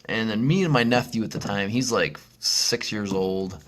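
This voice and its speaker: Speaking in a lowish voice at a moderate pace, this vlog host rambles cheerfully, full of fillers and restarts, as he tells a funny story. He acts it out with screeching monkey sounds.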